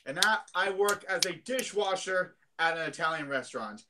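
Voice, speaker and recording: A man's voice: sits high, expressive, moderate pace, background noise. A man co-hosting a casual podcast, rambling along with frequent ums and uhs. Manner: rambling, hesitant with many ums. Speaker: podcast co-host. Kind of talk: casual chat.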